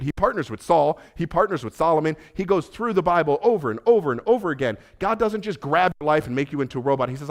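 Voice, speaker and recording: A man preaching a sermon as pastor, conversational and earnest, building to emphatic repeated lines. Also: fairly high pitch. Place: church sanctuary.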